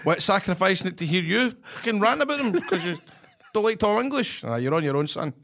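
A man's voice: high voice, very animated, fairly quick, fairly bright tone. A Scottish man in his thirties, a wrestler co-hosting a podcast, telling a rude story in broad slang and laughing through it. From Scotland. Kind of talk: casual chat, storytelling.

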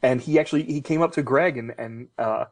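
A man who produces a TV series, telling behind-the-scenes stories on a panel, full of "you know" and "like". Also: medium pitch. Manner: fast storyteller, heavy with fillers. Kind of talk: lively panel anecdotes.

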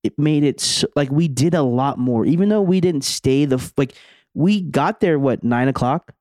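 A man's voice: medium pitch, moderate pace, darkish tone, no echo. A young man co-hosts a podcast and tells stories in a loose, slangy way with plenty of restarts. His voice sits in an ordinary middle register. The sound is dry and close to the mic. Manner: laid-back storytelling with slang, restarts. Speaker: podcast co-host. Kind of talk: casual chat.

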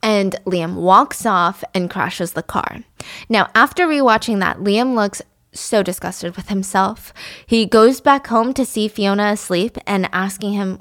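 A woman casually retelling a story, animated and acting out the characters' lines along the way. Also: mid-range voice, measured pace, no room sound, studio quality. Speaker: storyteller recapping a show.

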